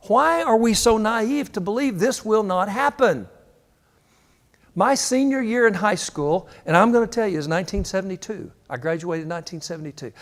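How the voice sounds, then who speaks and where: An older man preaches with lively storytelling, slipping into quoted voices. His voice sits a bit high. The sound rings with the long reverb of a church hall. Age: 60s. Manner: animated storytelling, acts out quotes with shifting voice. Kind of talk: sermon.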